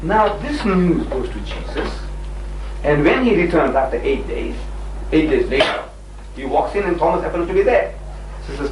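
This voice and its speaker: A man makes his case in a debate with emphatic, argumentative force, slipping into little performances of the people he quotes. His voice sits a bit high, and he is heard from a distance in an echoey room. A faint hiss runs underneath the whole old recording. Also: big pitch swings, normal speed, a little mellow. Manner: emphatic, argumentative, acts out voices when quoting. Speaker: religious debater. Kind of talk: lively debate with dramatized quotes. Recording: echoey room, far from the mic, faint noise.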